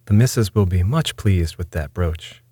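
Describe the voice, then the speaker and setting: A man's voice: low-pitched, animated, moderate pace, mellow, husky, dry recording. A man reading as a plain-spoken country landlord. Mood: plain, bothered. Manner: homely, plain country speech. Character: worried, plain-spoken male farmer and landlord.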